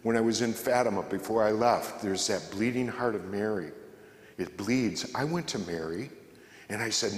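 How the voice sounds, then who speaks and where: A man's voice: fairly low pitch, lively intonation, normal speed. A man giving a fervent, emphatic spoken testimony to a church audience, repeating his own prayers aloud. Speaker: Catholic speaker giving a witness talk. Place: large church. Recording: echoey church hall, long reverb.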